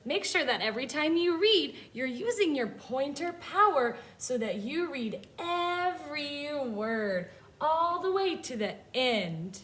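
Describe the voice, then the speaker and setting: Slow, lively woman teaching phonics. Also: sits high. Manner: slow, clear sounding-out, with exaggerated letter sounds. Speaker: kindergarten teacher. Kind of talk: phonics lesson for young children. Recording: roomy echo.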